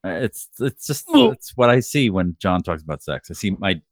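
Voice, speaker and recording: Animated man telling crude jokes. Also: low voice, moderate pace, no echo, clean studio sound. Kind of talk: casual chat.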